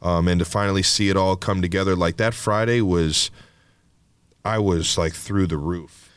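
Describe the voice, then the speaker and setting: A man's voice: deep voice, steady tone, normal speed, clean tone, no echo. A young man co-hosting a podcast, talking in a loose, rambling way, swearing and laughing often. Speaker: podcast co-host. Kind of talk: casual chat.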